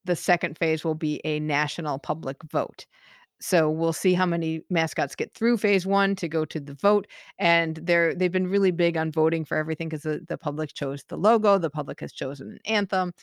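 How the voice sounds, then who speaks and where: A woman's voice: low-pitched, fairly even intonation, moderate pace, dry recording, studio quality. A woman co-hosting a podcast, chatting casually and laughing often. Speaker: podcast co-host.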